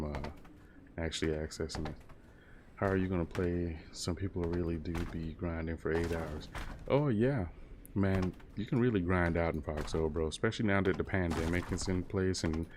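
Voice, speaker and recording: A man's voice: low voice, noisy background. A man in his thirties chatting casually while gaming on a stream, rambling and laid-back. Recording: keyboard clicks and typing behind.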